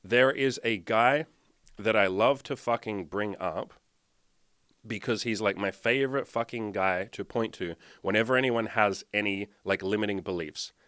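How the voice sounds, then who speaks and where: A fired-up man, coaching with a low voice and a blunt, profane edge. He rants in a dry, close sound with no room around him, swearing at every turn to push his listeners past excuses. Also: moderate pace, fairly bright tone, clear, resonant tone, dry recording. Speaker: dating and life coach. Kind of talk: profane motivational rant. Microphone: desktop mic, sharing screen.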